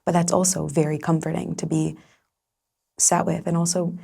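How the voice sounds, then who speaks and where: A woman's voice: fairly low pitch, little pitch movement, normal speed, gravelly, warm tone, slightly rough. A woman hosting a podcast, thoughtfully summarizing and affirming her guest's points. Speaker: podcast host. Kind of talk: reflective conversation.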